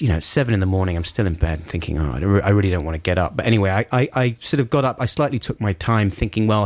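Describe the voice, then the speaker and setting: A man co-hosting a radio show, telling a long anecdote in casual chat, and his voice climbs high when he acts out his anger. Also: darkish tone, dry recording. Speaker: radio co-host. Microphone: studio microphone.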